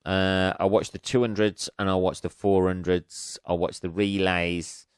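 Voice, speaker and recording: A man's voice: low voice, level tone, measured pace, clear, resonant tone, dry recording, clean studio sound. A man hosting a solo podcast, ranting casually with lots of swearing and sarcasm, laughing at his own jokes. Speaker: podcast host.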